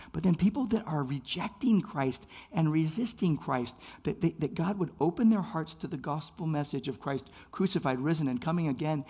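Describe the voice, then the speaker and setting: A man's voice: medium pitch, a little mellow, breathy edge. A man preaching a sermon as pastor, impassioned, building phrases by repeating them.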